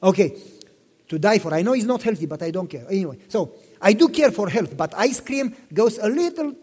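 High, animated preacher man in a hall. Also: a little fast, husky. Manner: impassioned storytelling, repeats himself, asks listeners questions. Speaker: pastor. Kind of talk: sermon. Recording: long reverb in a hall.

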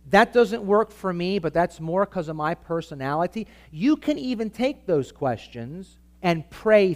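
A man preaching to a live church audience in an emphatic teaching style, asking the listeners for amens. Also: high-pitched. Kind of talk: sermon-style teaching talk.

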